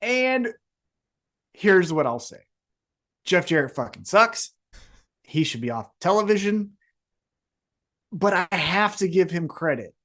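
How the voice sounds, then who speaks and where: A man's voice: sits high, animated, takes it slowly, pauses often, fairly bright tone. A man co-hosting a wrestling podcast, recapping matches in casual talk and giving blunt opinions with some swearing. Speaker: podcast co-host.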